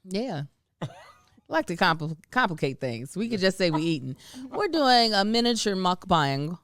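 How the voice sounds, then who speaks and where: A woman hosting a podcast in casual chat, lively and teasing, often laughing. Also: lowish voice, unhurried. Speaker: podcast host.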